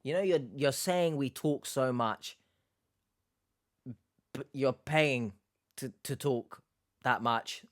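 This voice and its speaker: A man hosting a reaction commentary, sarcastic and mocking, with sudden loud outbursts. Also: medium pitch, dry recording, clean studio sound. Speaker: commentary host.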